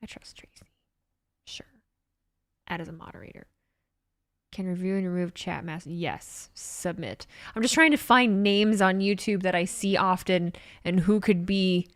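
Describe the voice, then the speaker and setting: A woman's voice: lowish voice, fairly bright tone, no room sound, clean studio sound. A woman streamer chatting casually and sarcastically with her live chat while reacting to a show.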